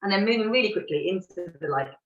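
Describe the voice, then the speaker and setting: A woman talks fast and animatedly in a medium pitch as she candidly reflects on a parenting moment, laughing at herself along the way. As a parent sharing an example in conversational talk, she's recorded with a roomy, distant, dull sound.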